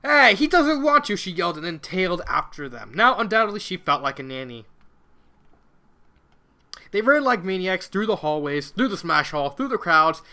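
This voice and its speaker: Fanfic reader, mid pitch, bouncy voice, keeps laughing and going off on tangents. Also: expressive, moderate pace, bright, forceful tone. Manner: giggly, rambling commentary with laughs. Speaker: fan fiction reader. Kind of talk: casual story reading with asides.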